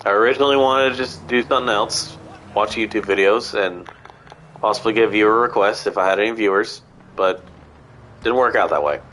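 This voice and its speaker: Male streamer with a sick, nasal voice; rambling, halting casual chat over gameplay through a console headset mic. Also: on the low side, fairly bright tone, a little hiss or hum. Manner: rambling, halting with many restarts.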